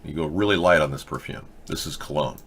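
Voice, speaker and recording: A man's voice: a bass voice, fairly quick, gravelly, a bit bright, a little hiss or hum. A man hosting a live video chat show, answering viewer comments in a blunt, lecturing, argumentative way on a webcam mic. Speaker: host.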